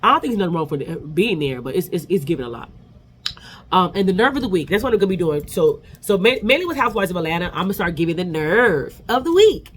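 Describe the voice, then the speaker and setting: A man hosting a vlog, giving an animated, sassy casual recap of a reality TV episode. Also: sits high, fast talker, breathy edge. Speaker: vlog host.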